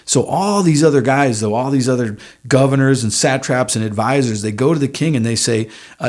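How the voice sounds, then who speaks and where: A man's voice: mid-range voice, brisk, a little mellow. A man giving a casual Bible teaching on a church podcast, talking conversationally with frequent fillers and emphatic rises.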